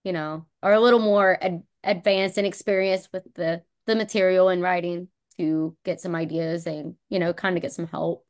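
A woman co-hosting a podcast, speaking hesitantly with pauses and fillers. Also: lowish voice, fairly even intonation. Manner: hesitant, tentative. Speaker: podcast co-host. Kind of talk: casual podcast chat.

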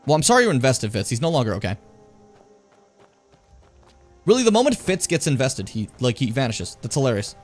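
A man with a mid-range voice streams a fantasy role-playing game, speaking a little fast yet leaving long pauses. Soft background music accompanies his casual, animated commentary as he jokes and talks to chat.

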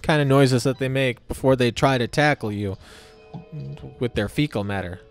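A man's voice: mid-range voice, moderate pace, soft background music. A man giving casual, goofy commentary while playing a video game, talking to the enemies and cracking crude jokes. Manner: goofy, talks to enemies, silly voices and swearing. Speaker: gameplay commentator. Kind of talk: casual let's-play commentary.

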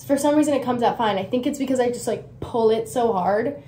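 A woman's voice: a little high, fairly quick, noisy background. A young woman chatting casually through a hair tutorial as a beauty vlogger, rambling and self-mocking with lots of fillers. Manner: drifts into whispering at times.

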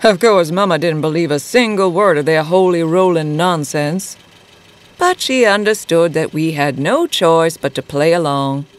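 A slow, purring cult leader lady. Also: deep voice. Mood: sly. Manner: slow, purring, teasing drawl. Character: sultry, menacing woman cult leader. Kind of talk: audio drama acting.

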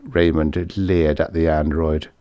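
A man narrating a short story in an expressive storytelling manner. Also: rumbling low, slow pace, no room sound, clean studio sound. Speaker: audiobook narrator. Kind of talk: scripted narration.

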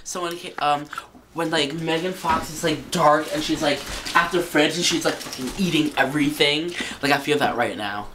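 A woman's voice: low-pitched, moderate pace, background noise. A young woman vlogging in casual chat, rambling with constant "like" and swearing while acting out scenes.

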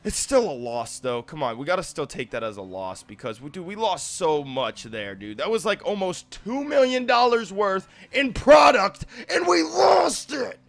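A young man with a lisp doing live gameplay commentary, who swings between low muttering and loud, swearing rage outbursts. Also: sing-song, moderate pace, creaky, hardly any pauses. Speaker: gaming streamer.

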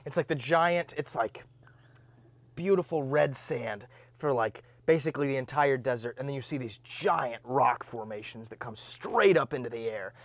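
With a medium-pitched voice at a normal pace on a dry recording, the young Indiana podcast co-host shares stories in a casual chat, dramatizing his own reactions as he goes.

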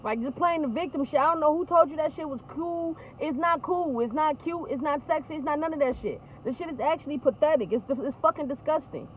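A woman's voice: high-pitched, a little fast, few pauses. A woman venting in casual, profane talk on a phone call, laughing often. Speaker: vlogger. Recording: tinny phone line, faint noise.

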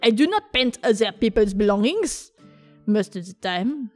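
A woman's voice: medium pitch, animated, faint music behind, natural voice. Woman doing a fake-French artsy guy. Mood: theatrical. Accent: put-on French. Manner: slow, stiff, theatrical. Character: eccentric young male art student.

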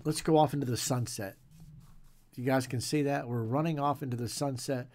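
A man's voice: medium pitch, fairly even intonation, normal speed, darkish tone. A man casually commenting on a game he is playing, joking around and tossing in pirate growls. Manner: jokey, playful, growls pirate noises. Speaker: gaming channel host.

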